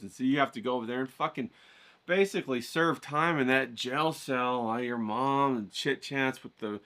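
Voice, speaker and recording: Pumped-up, swearing art vlogger man. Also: mid-range voice. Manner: energetic, swearing, pumped-up, lots of "you know". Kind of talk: casual profane pep-talk monologue.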